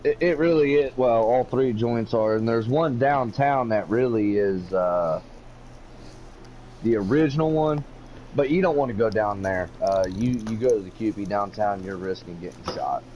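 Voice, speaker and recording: A man's voice: fairly low pitch, normal speed, darkish tone, lo-fi sound, slight background noise. A man co-commentating an online race in a loose, rambling way with crude jokes. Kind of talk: casual sim-racing commentary.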